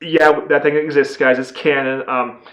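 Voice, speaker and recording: A man giving a casual, excitable movie review, rambling with lots of fillers. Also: a little high, moderate pace, reverberant.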